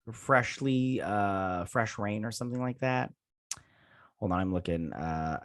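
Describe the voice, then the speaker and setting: A man's voice: fairly low pitch, fairly bright tone. A man in his thirties hosting a review show, recapping an episode in a rambling, casual way, full of fillers and jokey asides.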